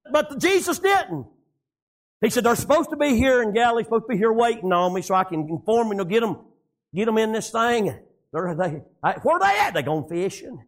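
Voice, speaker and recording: Preacher man, very high voice, fiery sermon delivery with amens. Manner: preaching with frequent amens, shouting out lines then dropping low.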